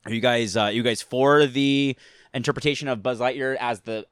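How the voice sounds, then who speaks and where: A man hosting a relaxed podcast, rambling through stories in slang. His voice sits at an ordinary pitch, and the sound is dry and close with no room echo. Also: brisk, smooth. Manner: rambling, animated storytelling with slang. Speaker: podcast host. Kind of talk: casual podcast chat.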